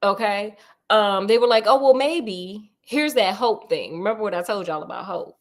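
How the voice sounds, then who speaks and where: A storyteller host with a medium-pitched voice retells a novel at a moderate pace in sassy, casual chat. She speaks straight to listeners, calling them "girl" and "honey," and animatedly acts out the characters.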